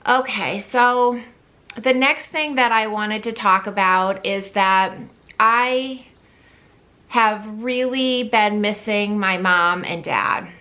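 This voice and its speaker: A woman in her fifties talking candidly to camera in a personal vlog, heartfelt and halting, with frequent pauses and restarts. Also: medium pitch, bright, forceful tone. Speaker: vlogger.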